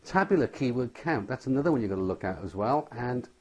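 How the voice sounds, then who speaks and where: With lively intonation and a quick pace, a man whose mid-range voice is a little mellow delivers an SEO tutorial on website ranking. He stresses each point and frequently pauses to ask "okay?"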